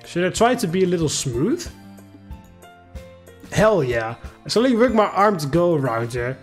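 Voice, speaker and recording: A man reading a visual novel aloud and commenting, animated, laughing often and rambling in asides. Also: sits high, normal speed, faint music behind. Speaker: gameplay commentator.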